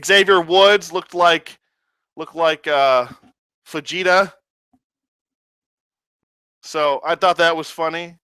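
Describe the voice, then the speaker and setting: A man's voice: fairly high pitch, slow, pauses often, sharp tone, smooth, dry recording. A man ranting in a casual review, profane, sarcastic and exasperated. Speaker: wrestling reviewer.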